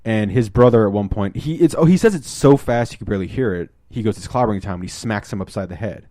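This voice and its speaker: A man with a somewhat low voice chatting casually on a podcast. He rambles through a story, slipping into quick put-on voices for the quotes. The sound is dry and close. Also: lively intonation, mellow, no echo. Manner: rambling retelling, acts out quotes in shifting voices. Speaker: podcast host. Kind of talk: casual chat.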